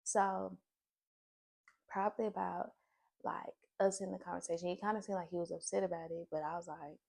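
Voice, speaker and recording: A woman telling a personal story in a casual vlog, blunt and profane, with animated retelling. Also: on the low side, normal speed, creaky.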